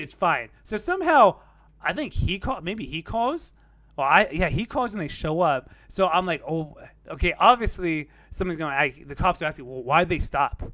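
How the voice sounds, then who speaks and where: A man's voice: fairly high pitch, sharp tone, a little hiss or hum. A young man casually telling a rambling story on a podcast. He peppers it with "like" and curse words and laughs at his own tale.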